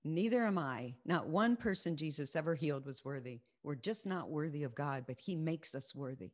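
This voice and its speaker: A woman with a somewhat low voice teaches her faith group over a video call. She speaks earnestly and repeats her key phrases to drive them home while sharing her own testimony. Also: lively intonation, normal speed. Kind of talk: Christian teaching and personal testimony.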